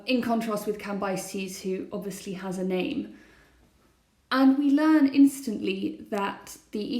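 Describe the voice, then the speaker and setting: A woman's voice: medium pitch, darkish tone, echoey room. A woman teacher explaining a set text over slides in a recorded lesson, asking her students questions as she goes. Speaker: classics teacher.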